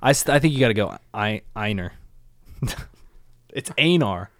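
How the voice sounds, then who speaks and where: A man's voice: lowish voice, lively intonation, moderate pace, no echo. A man co-hosting a podcast, recapping an episode in a laid-back, insistent casual chat. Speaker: podcast co-host.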